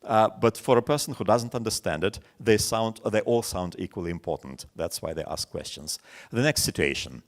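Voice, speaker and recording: A Russian-accented man in his forties, a native Russian speaker, lectures teachers in a webinar at normal speed in a lowish voice. As a teacher trainer, he tells stories packed with examples and quotes people animatedly.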